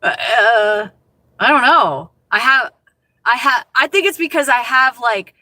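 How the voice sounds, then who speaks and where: A woman chats with her viewers from the driver's seat, expressive and quick to laugh. Her voice is bright, forceful and on the high side, and it sounds dry and close. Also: no echo. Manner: expressive, animated, laughs often. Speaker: livestream host chatting with viewers. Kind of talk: casual livestream chat. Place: inside her car.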